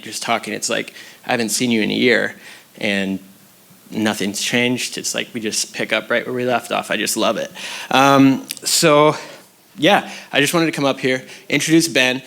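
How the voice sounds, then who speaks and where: A man making relaxed, casual remarks on stage, easygoing and full of fillers. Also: mid-range voice, vocal fry. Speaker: regional director introducing a successor.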